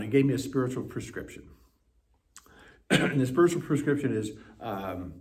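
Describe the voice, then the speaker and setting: A man as an interview guest, telling his story in an animated way with quick bursts. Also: mid-range voice. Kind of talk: personal storytelling.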